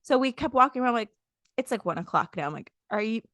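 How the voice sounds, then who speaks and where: A woman in her thirties co-hosting a podcast in casual chat, telling stories animatedly and acting out quotes loudly. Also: fairly high pitch, expressive, fast, no echo, studio quality. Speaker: podcast co-host.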